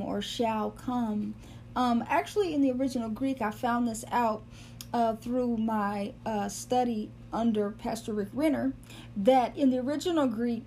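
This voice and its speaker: A high-pitched woman gives an earnest Bible teaching and keeps circling back to stress key words. A faint hum runs under the recording. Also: a little mellow. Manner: earnest, repeats words for emphasis. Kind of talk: sermon-style Bible teaching.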